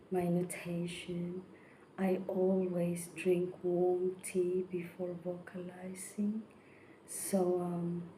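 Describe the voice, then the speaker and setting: A woman talks through a singing technique in a slow, hesitant way, pausing often with fillers and restarting her sentences. Her voice is very mellow and dark and stays almost flat in pitch, with some phrases dropping to a breathy whisper. Faint noise sits underneath the recording. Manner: halting, many fillers and restarts, partly whispered. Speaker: vocal technique presenter. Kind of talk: casual spoken tutorial.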